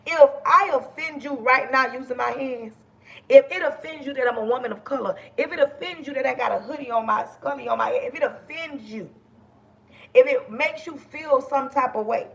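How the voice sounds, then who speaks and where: Loud, passionate woman livestream host, gravelly. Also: sits high, normal speed, dull audio. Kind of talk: casual livestream talk to viewers.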